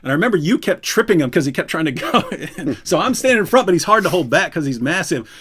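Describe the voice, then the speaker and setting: A man's voice: fairly high pitch, sing-song, fast, a bit bright, slightly rough. A middle-aged man hosting a live stream, telling prison stories casually, acting out quotes and laughing often. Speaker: host. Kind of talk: casual storytelling on a livestream.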